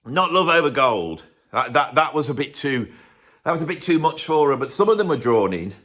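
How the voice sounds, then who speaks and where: A man's voice: fairly high pitch, big pitch swings, fairly quick, fairly bright tone. A man from the UK hosting a music video, rambling sarcastically in a comic monologue to camera. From United Kingdom. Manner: sarcastic, rambling, self-interrupting.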